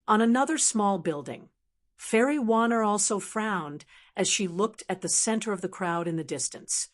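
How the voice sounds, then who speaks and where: A woman narrates a fantasy novel for an audiobook. Her delivery is steady and plain, and her voice sits at a middle pitch. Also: normal speed.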